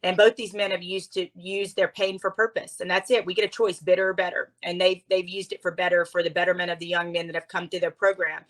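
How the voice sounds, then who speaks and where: A woman from Louisiana, a guest author and speaker, telling her story in an expressive, earnest conversational way. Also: on the low side, quick pace, hardly any pauses, low-quality recording.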